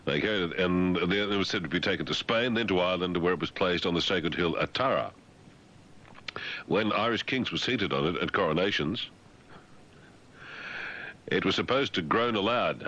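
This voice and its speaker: Male radio host, wry sarcastic news commentary, deep voice, bright forward tone, dull lo-fi radio sound. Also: lively intonation, moderate pace.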